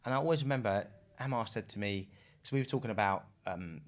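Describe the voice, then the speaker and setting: A British business founder talks at a rapid clip in a low voice. He is loose and chatty, laughs easily and swears now and then. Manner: fast, loose, swears casually, laughs often. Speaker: recruitment business founder, podcast guest. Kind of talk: casual business podcast chat.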